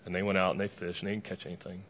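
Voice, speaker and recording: A man preaching a sermon to a live congregation in a lively, conversational way, with casual asides and humor. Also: low-pitched, rapid-fire, slight background noise. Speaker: pastor.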